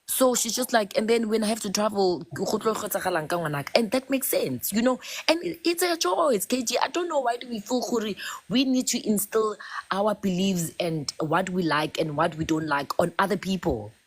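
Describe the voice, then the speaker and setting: A woman, talking in a casual, expressive way on a live chat show and mixing local words into English. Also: medium pitch, normal speed, a little hiss or hum.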